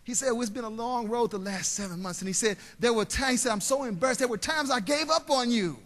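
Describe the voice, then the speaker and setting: A man's voice: very high voice, quick pace. A man giving a motivational keynote in a large hall. He tells stories and leads the audience in call and response. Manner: storytelling, drops quiet and soft for emotional parts. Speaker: keynote speaker. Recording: long hall reverb, live stage.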